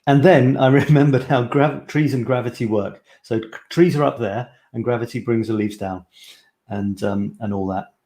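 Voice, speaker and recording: A man's voice: medium pitch, fairly even intonation, normal speed, dark tone, echoey room. A man hosting a casual live stream as a photography coach, talking in a rambling, chatty way and often correcting himself.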